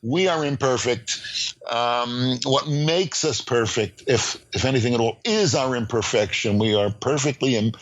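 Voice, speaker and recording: An older man, a screenwriting professor, talking as a podcast guest in an animated, emphatic storytelling way with frequent fillers and restarts. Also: medium pitch, a little slow, muffled recording. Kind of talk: podcast interview.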